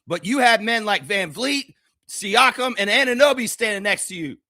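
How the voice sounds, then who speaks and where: A man's voice: high-pitched, expressive, normal speed, sharp tone, no echo, clean studio sound. A man hosting a live basketball reaction show, ranting heatedly and profanely at the players. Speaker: sports reaction host.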